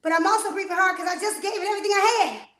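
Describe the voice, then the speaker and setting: Breathless high-voiced woman coaching a workout. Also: rapid-fire, reverberant. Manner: energetic, counting reps and giving commands. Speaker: fitness trainer.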